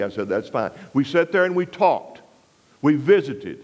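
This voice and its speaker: A West Texas man preaches a revival sermon with folksy storytelling, his voice sing-song at a moderate pace on poor audio. He drops low and quiet for emphasis and presses harder when he gets to scripture.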